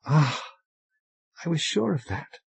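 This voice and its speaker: A man voicing a solemn young female ghost who speaks gravely and quietly in an audiobook. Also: fairly high pitch, sing-song, slow pace, voice pushed up, full character voice. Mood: caressing. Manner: grave, quiet, sometimes sharp. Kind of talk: audiobook character voice.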